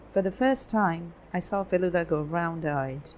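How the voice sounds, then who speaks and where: Woman reading an audiobook, lowish voice. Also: unhurried, few pauses, darkish tone, a little hiss or hum, rough recording. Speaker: audiobook narrator. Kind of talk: scripted narration.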